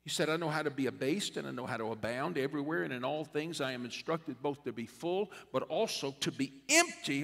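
A man preaching a sermon as a bishop, in a church sanctuary, with a preaching cadence that rises to loud repeated refrains. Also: a little high, expressive, a little fast, vocal fry, few pauses. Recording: long reverb of a church hall.

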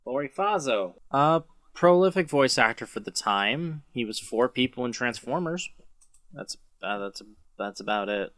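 A man's voice: mid-range voice, lively intonation, unhurried, fairly bright tone. A man co-hosting a podcast in casual chat, an enthusiastic fan who rambles and corrects himself mid-sentence. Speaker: podcast co-host.

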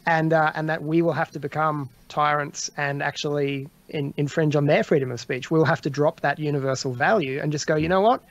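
A man's voice: a little high, flat delivery, fairly quick, few pauses, dry recording. A man, co-hosting a political panel chat, speaking bluntly and laughing at his own jokes. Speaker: podcast co-host.

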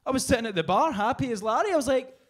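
Scottish man, stand-up comic, high voice, lively swooping delivery, profane storytelling. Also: very fast. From Scotland. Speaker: stand-up comedian. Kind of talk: stand-up comedy set. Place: small bar with live audience.

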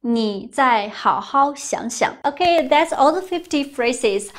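A woman teaching a language lesson, saying each phrase, explaining it simply and repeating it slowly. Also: high-pitched, lively intonation. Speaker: Chinese teacher.

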